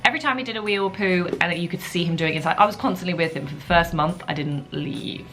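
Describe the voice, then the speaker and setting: A young woman talks through her vlog in a loose, chatty way, full of little asides. Her voice sits a touch low for a woman. Faint music plays softly behind her. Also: quick pace. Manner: chatty and relaxed, with many asides. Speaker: vlogger. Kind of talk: casual chat.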